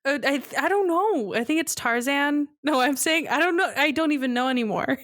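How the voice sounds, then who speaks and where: A woman's voice: sits high, moderate pace, fairly bright tone, no echo, clean studio sound. A young woman co-hosting a podcast, telling a story in a casual chat with her brother and laughing often as she talks. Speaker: podcast co-host.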